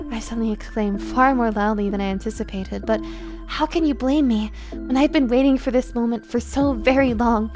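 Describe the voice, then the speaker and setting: A young woman streamer narrates a story game in first person, expressive with dry little asides. Her voice is fairly high, and quiet music plays underneath. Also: a little fast. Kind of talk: reading a visual novel aloud on stream.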